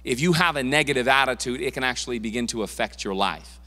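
Bright-voiced pastor in a reverberant hall. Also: male voice, mid-range voice, fast talker. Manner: casual, conversational preaching with slang. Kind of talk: sermon. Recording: long church hall reverb.

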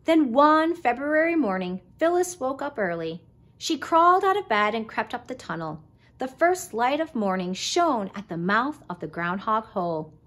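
A preschool teacher, a woman, reading a picture book aloud with expressive storytelling. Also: on the high side, moderate pace.

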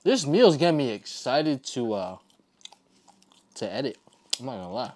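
A man vlogging casually as he eats a meal, excited and often talking with his mouth full. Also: medium pitch, moderate pace, a little hiss or hum. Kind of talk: casual eating vlog.

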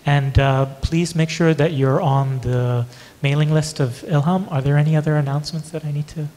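A man moderating an audience Q&A at a book launch, relaxed and conversational with some fillers. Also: on the high side, normal speed. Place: gallery event space. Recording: long reverb in a hall.

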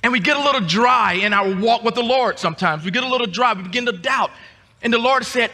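High-voiced man preaching in a reverberant church. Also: fast. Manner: climbs to high emphatic shouts, repeats words. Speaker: guest preacher. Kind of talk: sermon. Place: church sanctuary.

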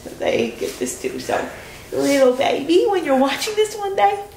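A woman's voice: sits high, wildly swooping pitch, moderate pace, vocal fry, a little mellow, reverberant, slight background noise. A woman, a new mother, gushing and giggling as she talks casually to the camera in a hospital room. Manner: gushing, giggly, overcome with emotion. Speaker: new mother vlogging her birth. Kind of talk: casual vlog.

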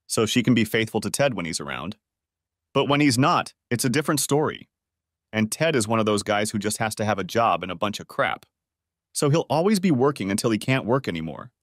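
A man's voice: lowish voice, very animated, fairly quick, dry recording, clean studio sound. A man doing a crude mocking neighbor. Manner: mocking, boastful. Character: taunting crude male neighbor.

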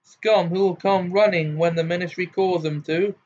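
A man's voice: a little high, moderate pace, voice pushed up, close to an everyday voice. A man voicing a furious, scornful old wizard father who bellows and jeers in a muffled home recording. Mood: raging. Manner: bellowing, jeering, snarling.

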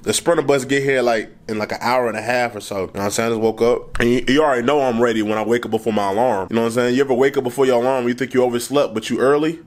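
A young man, chatting to camera in a casual vlog. His voice sits at an everyday middle pitch. He talks loosely and with heavy slang, and he keeps dropping in "you know what I'm saying". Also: steady tone, racing, hardly any pauses. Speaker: vlogger.

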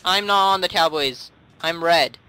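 A young man hosting a gaming session, cheering, shouting and joking as he plays. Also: fairly high pitch, a little slow, slight background noise, rough recording. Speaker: game channel host. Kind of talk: excited gaming commentary.

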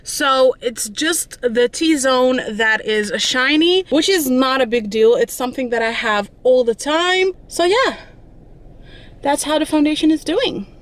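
A beauty vlogger chats casually to camera in a high-sitting, animated voice at a measured pace. She's talkative and informal, calling her viewers "guys."

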